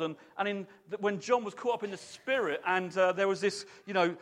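In a high voice, a man preaches to his congregation in a lively, conversational style, asking his listeners questions.

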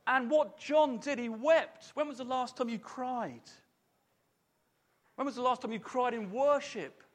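Speaking unhurriedly in a very high voice, a preacher addresses his congregation with lively, chatty energy and keeps putting questions to them.

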